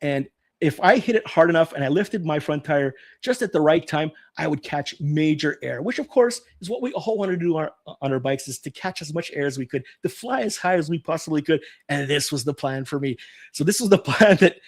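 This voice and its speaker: A middle-aged man spins a childhood story on a live stream. His voice sits a little high for a man, and his delivery is lively, acting out his own and other people's lines along the way. It is relaxed, casual storytelling. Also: fairly quick. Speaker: host of a live nostalgia stream.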